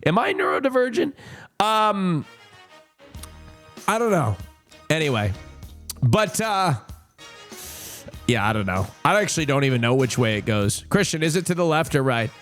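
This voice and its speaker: A young man talking casually to his stream from a home desk mic. He rambles and mocks himself, leaning on fillers. His voice is slightly high and swings widely in pitch. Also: very animated, unhurried, pauses often, a bit bright, soft background music. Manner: rambling, self-mocking, frequent fillers. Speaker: livestreamer. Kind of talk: casual chat.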